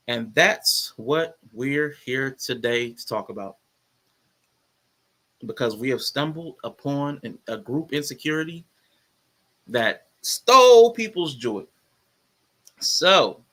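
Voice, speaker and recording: A male commentary host with a gravelly, fry-laden voice and a bright, forward tone. He talks loosely and conversationally, addressing his audience as y'all and reacting to chat. The pitch sits in an ordinary middle range for a man.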